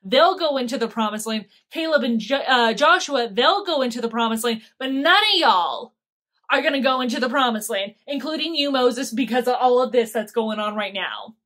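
A woman's voice: on the high side, animated, normal speed, a bit bright. A woman voicing an exasperated God, male deity, scolding his people in slangy, incredulous speech.

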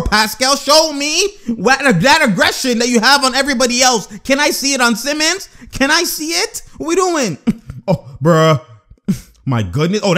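This is a young man with a high-pitched voice doing casual reaction commentary over basketball footage. He is excitable and slangy, and he often breaks into laughter as he picks apart the plays.

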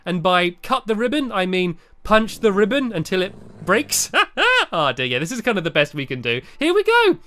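A man giving playful, excitable commentary over a video game, often filling pauses with "uh". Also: sits high. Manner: animated and excitable, frequent "uh" fillers. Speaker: gaming video host. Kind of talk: playful let's-play commentary.

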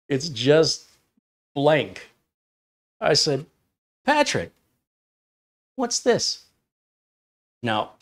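A man hosting a tech live stream, chatting casually and telling an anecdote with frequent laughs. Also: medium pitch. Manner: chatty, storytelling, laughs often. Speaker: tech channel host.

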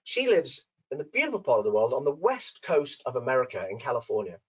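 Animated Liverpudlian man presenting a webinar. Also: fast, slightly rough, rough recording. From Liverpool, England. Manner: acts out characters in his anecdotes with big pitch swings. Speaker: dental coach and webinar presenter. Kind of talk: animated webinar talk with storytelling. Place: room at home.

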